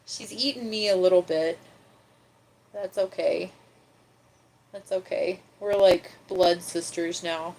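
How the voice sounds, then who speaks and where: Slow-talking woman chatting on a livestream. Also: lowish voice. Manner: slow, chatty, cooing baby talk to her cat. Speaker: livestream host. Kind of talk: casual livestream chat.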